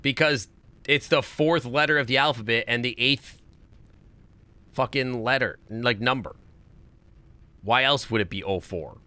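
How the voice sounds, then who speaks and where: A man's voice: medium pitch, measured pace, long pauses, sharp tone, dry recording. A man streaming a puzzle game live, thinking aloud and swearing in frustration. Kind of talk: live gameplay commentary.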